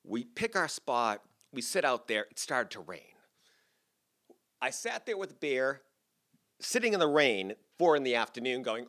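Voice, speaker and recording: An older man tells a story on stage with a lively, rising and falling voice. His tone is bright and forward. He talks in a chatty, self-mocking way. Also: mid-range voice, moderate pace. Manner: chatty and self-deprecating, with laughs. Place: theater stage before a live audience.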